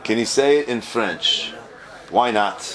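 A man teaching a Talmud class, asking and answering his own questions in an animated way, with many Hebrew and Aramaic terms. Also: mid-range voice, slow.

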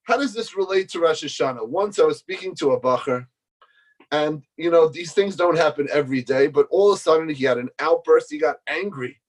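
Animated man giving a Torah talk. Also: fairly high pitch, brisk. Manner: animated storyteller, voice leaping up when acting out questions. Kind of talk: Torah lecture with stories.

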